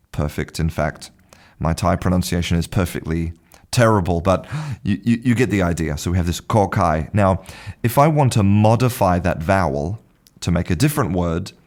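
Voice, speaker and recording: Low-voiced man explaining casually. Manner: chatty, restarts and repeats words, self-deprecating. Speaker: podcast host, English teacher. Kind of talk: casual spoken lesson. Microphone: podcast microphone.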